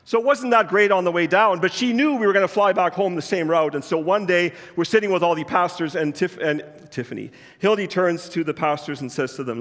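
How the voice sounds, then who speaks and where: A pastor with a high, slightly bright voice speaks briskly as he preaches a sermon in a church sanctuary. He shares a personal story in an easy, earnest way, and his voice fades into a long hall reverb.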